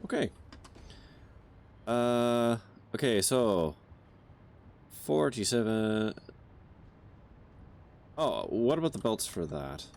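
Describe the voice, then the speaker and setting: A man's voice: medium pitch, big pitch swings, extremely slow, vocal fry, long pauses, a little mellow. A young man chatting casually while playing a game, counting aloud under his breath and swearing now and then. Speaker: game streamer.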